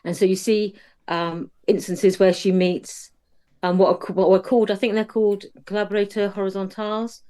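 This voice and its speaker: A woman giving a thoughtful, measured film summary in a casual podcast chat over a video call. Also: medium pitch, flat delivery, dark tone. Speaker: podcast co-host.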